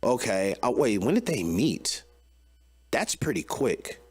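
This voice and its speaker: A man's voice: fairly low pitch, big pitch swings, slow pace, husky, dry recording. A man co-hosting a casual podcast, reading an article aloud and mocking it, profane and incredulous. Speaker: co-host.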